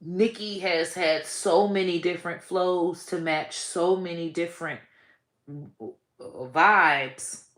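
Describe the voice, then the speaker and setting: Slow-talking bright-voiced woman, blunt profane rant. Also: lowish voice. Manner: blunt, profane, animated, trails off and restarts. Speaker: online comedian and commentator. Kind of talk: casual profane rant to camera. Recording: echoey room.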